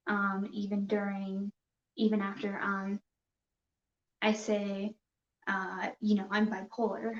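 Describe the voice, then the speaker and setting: A woman's voice: medium pitch, monotone, slow pace, long pauses. A woman hosting a casual live stream, talking nervously and hesitantly with many fillers and restarts. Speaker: yarn crafting streamer. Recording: dull, roomy home recording.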